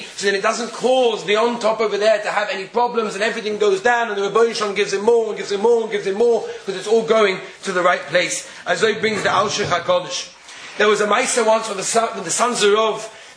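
A man's voice: sits high, fairly bright tone, echoey room, slight background noise. A man giving a Torah lecture, telling stories and asking rhetorical questions. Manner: storytelling, rhetorical questions, Yiddish and Hebrew terms. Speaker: Torah teacher.

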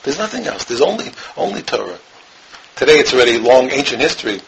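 A man from the United States, a rabbi teaching a Torah class, emphatic and repetitive, dropping from loud emphasis to hushed tones. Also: mid-range voice, sing-song, fast talker, gravelly, a little hiss or hum, poor audio. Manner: emphatic, repeats phrases, swings between loud and hushed. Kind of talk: impassioned Torah lesson.

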